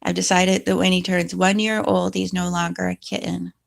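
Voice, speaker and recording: Woman vlogger, low gravelly voice, rambling casual chat. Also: flat delivery, moderate pace. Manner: rambling, chatty, talks to her cat in a high voice. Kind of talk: casual chat to camera with her cat.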